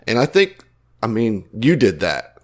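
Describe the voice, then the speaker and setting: Guy gm with a lowish voice, hyped up, swears a lot, running the game. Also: huge pitch swings, unhurried, darkish tone. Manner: hyped, swears casually, frequent restarts. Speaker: game master. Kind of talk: running a tabletop game, casual.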